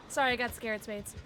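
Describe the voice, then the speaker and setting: Young woman, gaming streamer, lively up-and-down pitch, excitable, swears when startled. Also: noisy background. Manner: excitable, jumpy, swears and shrieks when scared. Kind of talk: casual gaming livestream chat.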